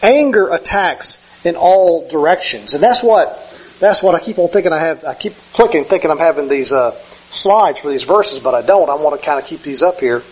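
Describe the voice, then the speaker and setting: Husky high-voiced male preacher. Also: expressive, normal speed, dull audio. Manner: conversational, self-correcting, acts out quoted speech. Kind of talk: sermon. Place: church sanctuary with slides.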